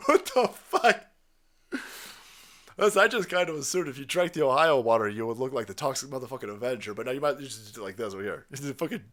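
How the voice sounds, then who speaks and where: A man's voice: fairly high pitch, a bit bright. A man giving crude, mocking reaction commentary, ranting and swearing. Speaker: online commentator.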